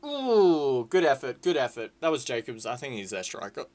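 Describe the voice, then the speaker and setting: A young man giving casual, excitable, sweary commentary over a football management game. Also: medium pitch, fast talker. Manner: excitable, sweary, shouts at the screen. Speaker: gaming YouTuber.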